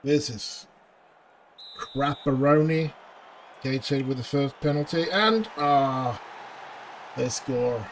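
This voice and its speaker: A man's voice: medium pitch, takes it slowly, pauses often, a little hiss or hum. A man commentating his own football management game, pleading with his team and groaning at misses. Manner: anxious, pleading, groans and outbursts of frustration. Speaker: gaming channel host. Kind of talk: let's play commentary.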